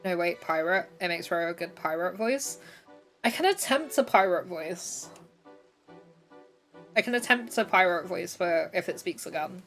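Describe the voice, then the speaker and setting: A woman's voice: on the low side, lively intonation, unhurried, a bit bright, soft background music, low-quality recording. Giggly young woman streaming a cozy game. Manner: giggly, bubbly, self-deprecating. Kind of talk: casual live game-streaming chat.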